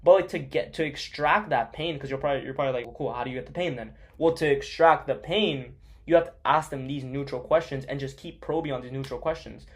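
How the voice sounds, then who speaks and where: A man's voice: a little high, fairly quick, hardly any pauses. A young man coaching on sales in a blunt, profane, casual monologue, full of fillers.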